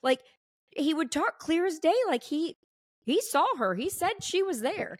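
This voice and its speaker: A woman's voice: high-pitched, expressive, a little slow. A woman hosting a nurse podcast, chatting casually and animatedly, slipping into voices when retelling a family story.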